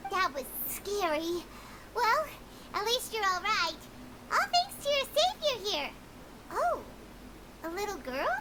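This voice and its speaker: A tiny, excitable sprite companion, chirping in a very high, bouncy voice that leaps all over the place. She chatters brightly and refers to herself in the third person. The game audio carries a noticeable background hiss. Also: takes it slowly, long pauses, exaggerated voice. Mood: chirpy.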